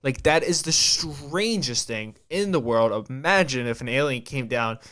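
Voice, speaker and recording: A man's voice: mid-range voice, animated, measured pace, fairly bright tone. A man hosting a podcast, talking in a casual, rambling way with a heavy stutter and frequent restarts. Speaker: podcast host.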